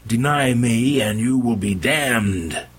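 A man voicing a menacing male vampire cult preacher who booms slowly and theatrically. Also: slightly rough. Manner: slow, theatrical, fiery.

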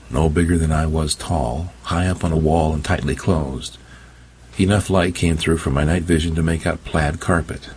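Deep, husky male narrator, wry first-person audiobook reading, rough low voice. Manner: wry, sardonic storytelling.

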